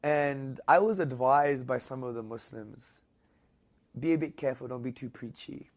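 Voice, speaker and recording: A man with a British accent, a guest in an interview, telling a story with lively energy and rising, loud bursts when he quotes people. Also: mid-range voice, normal speed.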